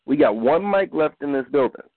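Male radio host, excitable and joking, tinny phone-line sound. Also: fairly high pitch, normal speed, dry recording. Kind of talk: casual live-show banter.

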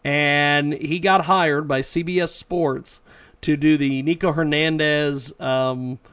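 A man hosts a radio show in a relaxed, chatty way, laughing often and pausing on fillers. His voice sits a little high. The recording is dull and lo-fi. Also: clean tone. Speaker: radio host. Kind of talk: casual radio chat.

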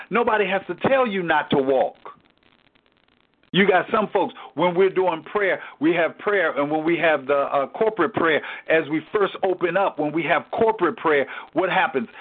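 Teaching a Bible study in a preaching cadence, a man asks rhetorical questions and repeats key phrases like "why?" and "guess what?" for emphasis. His voice is on the high side with a breathy edge, and the recording sounds tinny, like a phone.

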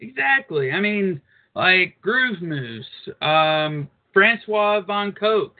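Crude radio co-host guy, kinda high voice, tinny phone-ish audio. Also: animated, takes it slowly. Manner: crude, blunt, reads news aloud with asides. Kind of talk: casual uncensored talk radio. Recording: phone-like narrow band.

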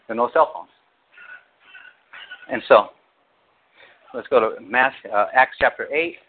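A male pastor preaching an animated sermon, acting out quotes with big jumps in his voice. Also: medium pitch, unhurried, slight background noise. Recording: tinny phone-like audio.

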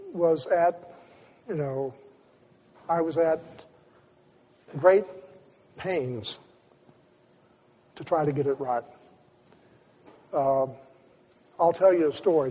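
A man's voice: fairly high pitch, takes it slowly, pauses often, warm tone, breathy edge, in a large hall. A man telling a vivid story to an audience, often stopping and restarting his sentences. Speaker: speaker. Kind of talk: storytelling lecture.

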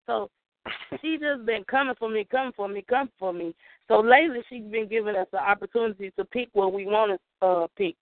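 Calling in to a show, a Southern-accented young woman testifies with preacher-like emphasis, speaking directly to the audience. Her mid-range voice runs a little fast, carried over a dry, tinny phone line.

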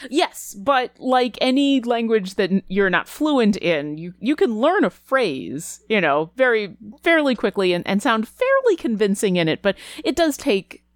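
A woman's voice: on the high side, sing-song, unhurried, few pauses, no echo. A woman running a tabletop game as game master, describing scenes and asking the players what they do.

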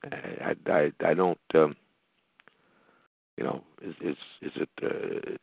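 A man's voice: rumbling low, fairly even intonation, takes it slowly, creaky, dry recording. An older American man hosting his podcast, talking in a rambling monologue full of fillers and restarts. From United States. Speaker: podcast host. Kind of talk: reflective monologue. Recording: dry, tinny phone-like line.

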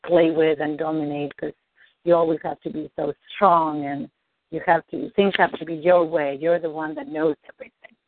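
A woman voicing a scornful, belittling father, speaking lower and mocking his daughter's choices. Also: level tone, normal speed, dry recording. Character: scornful disapproving father, man. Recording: dry tinny phone-like line.

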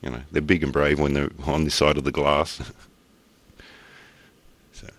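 A man's voice: rumbling low, flat delivery, a little slow, no echo. An Australian man co-hosting a podcast, telling laid-back stories in casual chat, laughing often and swearing casually. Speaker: podcast co-host.

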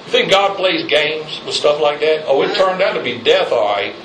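A man preaches a fiery sermon from the pulpit, his fairly high voice climbing as he presses his points and calls for amens. The sound is roomy and distant, with faint hiss behind it. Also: expressive, moderate pace, a bit bright. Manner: preaching with rising intensity, calls for amen. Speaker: pastor. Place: church sanctuary. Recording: echoey church, mic from afar.

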